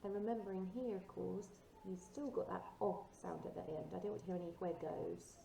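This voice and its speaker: A woman's voice: medium pitch, quick pace, vocal fry, warm tone. A woman teacher giving a recorded language lesson, patiently modelling words for students to repeat. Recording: echoey room, distant mic, faint noise.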